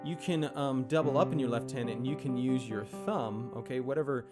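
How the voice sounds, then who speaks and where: Male piano teacher, mid-pitched, casual and chatty, loud piano underneath. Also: moderate pace. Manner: counts beats aloud and scats rhythms; relaxed, with many fillers and check-ins. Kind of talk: casual instruction. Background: piano playing.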